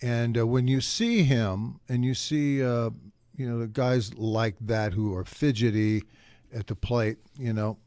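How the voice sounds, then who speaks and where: Older dude radio host, wry teasing banter, dry mic. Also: male voice, medium pitch, fairly even intonation, unhurried, a little mellow, no room sound. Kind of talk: casual sports talk.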